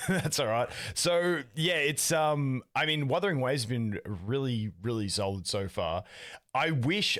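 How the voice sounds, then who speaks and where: A young man co-hosting a podcast in casual chat, his voice worn out after just waking up, relaxed and laughing often. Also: mid-range voice, dry recording, studio quality. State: voice shot, just woke up. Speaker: podcast co-host.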